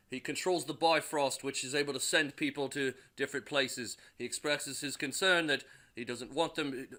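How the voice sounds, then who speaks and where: A young man reviewing movies recaps a film's plot in a casual, crude way, swearing constantly and sometimes acting out a character's line. His voice sits on the high side and sounds pushed and bright.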